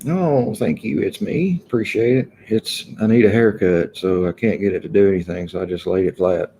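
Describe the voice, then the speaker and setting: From an indoor room, a man hosts a casual livestream, chatting loosely and greeting viewers one at a time. His voice is on the low side and mellow, at a normal speed, with slight background noise.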